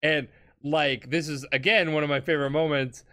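A drunk man retells a story on a podcast, rambling, swearing and laughing as he goes. His voice is bright and forward, pitched a bit high for a man. His delivery is loose and animated. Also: normal speed. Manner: rambling, profane, laughing, acts out characters. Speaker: podcast host. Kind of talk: casual comedic retelling.

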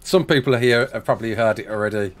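A man's voice: mid-range voice, fast. A young man with an English West Midlands accent, chatting casually on a live game stream. He laughs often and answers chat questions.

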